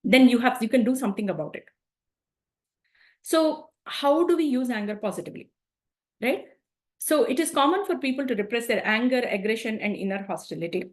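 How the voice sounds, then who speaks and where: A woman with a fairly high voice talks through a self-help lesson, conversational and unscripted. She keeps checking in with her listeners through tag questions. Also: animated, fairly quick. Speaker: speaker on emotions. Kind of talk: spoken self-help talk.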